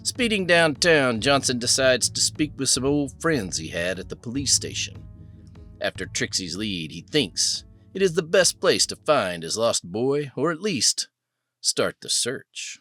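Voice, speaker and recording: A man narrating an audiobook in an expressive, storytelling manner. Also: mid-range voice, measured pace, soft background music. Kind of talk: scripted narration.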